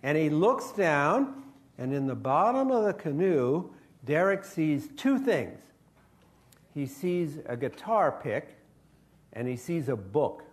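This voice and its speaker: An older man, a children's author, spins a ghost story slowly and deliberately for a crowd of kids. His voice sits a touch high for a man, and he keeps prompting the audience to shout answers back. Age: 60s. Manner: animated, coaxing the audience for answers. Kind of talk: interactive live storytelling.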